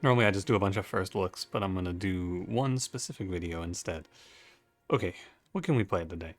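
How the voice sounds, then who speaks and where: A man's voice: low voice, a little fast. A man giving casual gameplay commentary, sleepy from just waking up, rambling and thinking aloud as he plays. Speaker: gaming YouTuber. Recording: faint background music.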